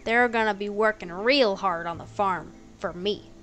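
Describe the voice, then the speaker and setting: A woman's voice: medium pitch, normal speed, fairly bright tone. A young woman giving playful, sarcastic commentary while playing a video game, bickering with the characters and laughing easily. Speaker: let's play gamer. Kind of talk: casual gameplay commentary.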